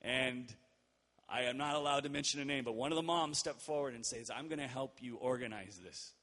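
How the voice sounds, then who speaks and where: A man's voice: medium pitch, fairly quick, sharp tone, in a large hall. A man pastor giving a sermon in a casual, storytelling way, often checking in with the congregation. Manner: conversational, checks in with "all right?".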